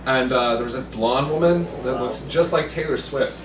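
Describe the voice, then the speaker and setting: A man at an open mic introducing his song, polite and halting with many pauses. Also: mid-range voice, crowd noise. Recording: roomy, distant, with background noise.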